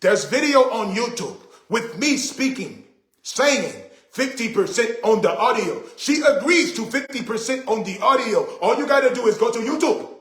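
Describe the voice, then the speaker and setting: A man's voice: very high voice, animated, moderate pace, a bit bright. Indignant middle-aged man ranting, echoey room. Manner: indignant, preachy, repeats points for emphasis. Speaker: vlogger. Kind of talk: ranting monologue to camera.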